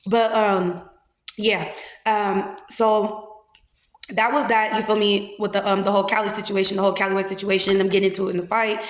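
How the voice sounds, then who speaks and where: A woman's voice: medium pitch, little pitch movement, fairly quick. A woman host, giving blunt, profane, heated reaction commentary in a casual podcast. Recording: echoey room.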